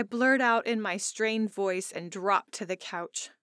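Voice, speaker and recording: Woman narrator, mid-pitched, expressive first-person reading, dry close studio sound. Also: takes it slowly, hardly any pauses, no echo. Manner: expressive, emotional storytelling. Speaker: audiobook narrator.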